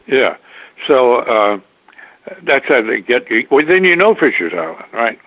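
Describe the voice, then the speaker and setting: A man's voice: mid-range voice, very animated, no room sound. Older man telling stories over a phone line. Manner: halting, full of restarts, chuckling. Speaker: guest. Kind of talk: rambling interview storytelling. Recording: dry tinny phone line.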